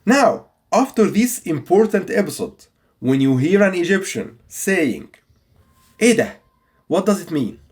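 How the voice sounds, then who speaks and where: A man teaching a video language lesson, repeating example phrases slowly and patiently for learners. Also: high voice, big pitch swings, a little mellow, husky. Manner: patient, instructive delivery.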